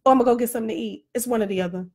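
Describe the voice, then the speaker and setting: High-voiced woman ranting with laughs. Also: very fast. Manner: animated, self-deprecating, laughs often. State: flushed and winded from workout. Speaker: vlogger. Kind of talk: casual comedic rant to camera.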